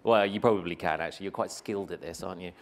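Teasing low-voiced male moderator. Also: rapid-fire. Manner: playful, teasing, presses for answers. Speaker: panel moderator. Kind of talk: moderating a conference panel. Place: conference stage before an audience.

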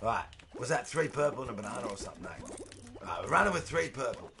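A chatty man streams a game. His voice is gravelly and swings widely in pitch as he greets viewers and reacts to the action, with faint noise in the background. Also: fast talker. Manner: chatty, reads out chat and greets viewers, excitable shouts. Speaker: livestreamer. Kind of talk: casual gaming stream commentary.

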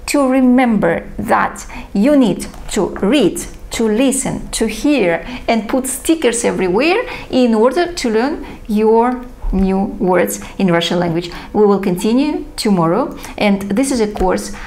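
Lady teacher going slow and patient, kinda high voice with lots of fry, non-native english. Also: a little mellow. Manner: careful, patient teacher reading word lists aloud. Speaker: language teacher. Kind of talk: recorded language lesson.

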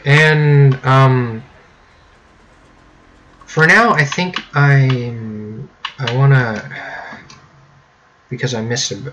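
A man giving casual gameplay commentary, rambling and self-mocking with sudden excited yelps. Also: mid-range voice. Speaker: let's play gamer. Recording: keyboard clicks audible behind.

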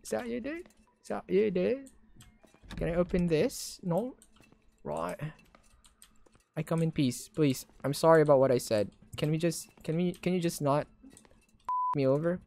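A young Filipino woman with a hoarse voice, loudly reacting and swearing as she plays a horror game live, mixing Tagalog into her English. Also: deep voice. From Philippines. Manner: loud, jumpy, swears often, mixes Tagalog into English. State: hoarse from shouting. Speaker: streamer.

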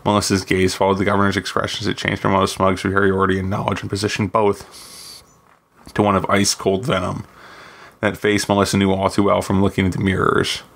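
A man's voice: low-pitched, monotone, a little fast, gravelly, fairly bright tone. A man reading aloud from his own fantasy novel, with occasional slips and restarts. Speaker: guest reader, author.

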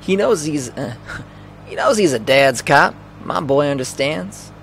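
A man reading a gruff, teasing middle-aged male cop's lines while streaming a video game. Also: fairly high pitch, animated, measured pace, fairly bright tone, a little hiss or hum, heavily acted.

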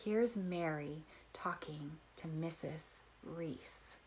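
A woman storyteller reading a children's story aloud, gently pausing to explain words to young listeners. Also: deep voice, slight background noise, rough recording.

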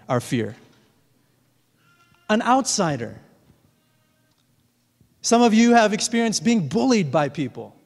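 High-pitched guy preaching a sermon, earnest, lots of echo from a big church hall. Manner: earnest, rises to emphatic peaks. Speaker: pastor. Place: large church sanctuary. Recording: long hall reverb.

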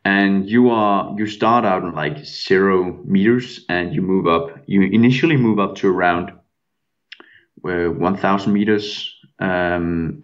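Man, Norwegian accent, very deep voice, hesitant guest, dull lo-fi audio. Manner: hesitant, many ums and uhs.

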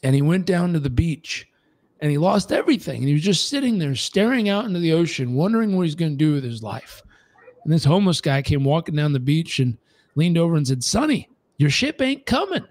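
Emphatic high-voiced motivational speaker. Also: male voice, animated, a little fast, darkish tone, no room sound. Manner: emphatic, piles up lists and rhetorical questions. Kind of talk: motivational talk.

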